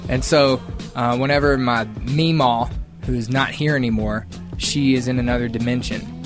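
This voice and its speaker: A man's voice: mid-range voice, normal speed, music in the background. Joking Southern man on the radio. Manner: storytelling, jokey, animated quoting. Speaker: radio show host. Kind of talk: casual radio banter. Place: radio studio.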